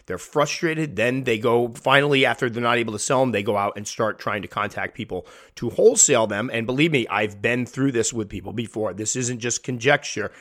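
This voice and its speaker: A man's voice: mid-range voice, a little fast, few pauses, fairly bright tone. A man hosting a hobby podcast, talking candidly and animatedly, acting out the people he quotes. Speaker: podcast host. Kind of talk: casual podcast monologue.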